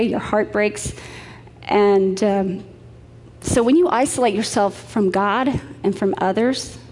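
A woman's voice: medium pitch, a little mellow, big-room sound. A middle-aged woman preaching a sermon, telling stories in a chatty way with light laughs.

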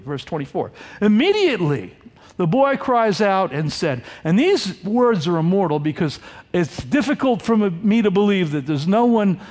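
A man preaching a sermon, teaching verse by verse and acting out the quoted lines. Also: sits high. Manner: animated, acts out the quoted lines. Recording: long hall reverb.

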